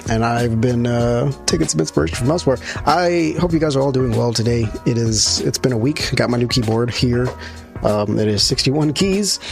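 A man hosting his own radio show, talking casually and rambling, restarting his sentences and climbing high in pitch when he gets worked up. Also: creaky. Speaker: podcast host.

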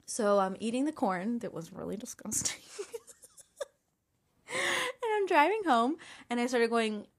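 A woman's voice: on the high side, sing-song, unhurried, long pauses. A young woman hosting a podcast, rambling casually and self-consciously, full of likes and restarts. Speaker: podcast host.

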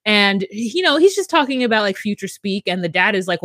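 Chatty giggly woman, slightly high voice. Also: lively intonation, brisk, few pauses, a bit bright, no echo, studio quality. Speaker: podcast co-host. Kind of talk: casual reality TV recap chat.

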